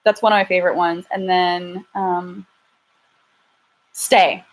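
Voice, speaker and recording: A woman's voice: on the low side, level tone, takes it slowly. A young woman talking casually on a home live stream, answering viewers one after another. She is frank and a little self-deprecating, with plenty of restarts and trailing thoughts. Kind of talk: casual live-stream chat reading super chats. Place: home, lives in LA.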